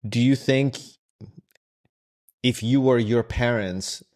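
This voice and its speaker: A man's voice: mid-range voice, takes it slowly, a little mellow. A man hosting an interview, asking long, winding questions full of restarts. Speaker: podcast host. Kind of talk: interview conversation.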